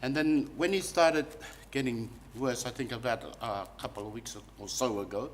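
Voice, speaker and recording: A man's voice: mid-range voice, normal speed, slight background noise. A man, a funeral celebrant, telling a folksy, rambling eulogy at a funeral service.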